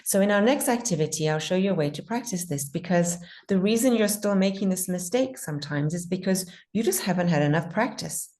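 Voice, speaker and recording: A woman teaching pronunciation in an online class, patiently modeling words slowly and repeating them. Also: lowish voice, animated, a little mellow.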